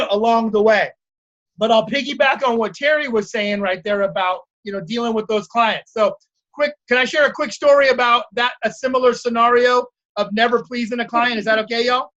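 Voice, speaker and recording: On a video call, a man leads a casual group coaching session, telling stories and asking his listeners whether they agree. His voice is very high with a sharp tone, and the recording sounds muffled.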